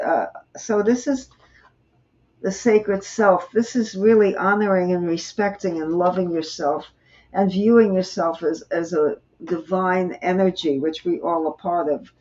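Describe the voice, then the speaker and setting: A woman reading tarot cards for a viewer on a live stream, explaining each card gently. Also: on the low side, steady tone, measured pace. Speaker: tarot reader, host. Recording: muffled lo-fi stream audio.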